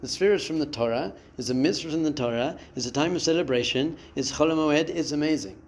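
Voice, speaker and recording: A man with a fairly high voice and quick pace teaches a rabbi's class, slight background noise audible. His spiritual lesson is expressive, acting out inner voices and quotes from a listener's head.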